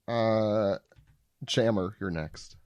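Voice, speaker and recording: A man's voice: lowish voice, dry recording. A man hosting a casual podcast chat, joking and passing the turn to guests. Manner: lively, quick to joke and hand off turns.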